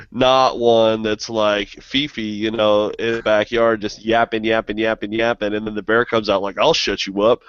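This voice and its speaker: A man's voice: lowish voice, dry recording. A man hosting a casual podcast chat in an easygoing, chatty way. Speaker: podcast host. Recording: dull lo-fi online call with dropouts.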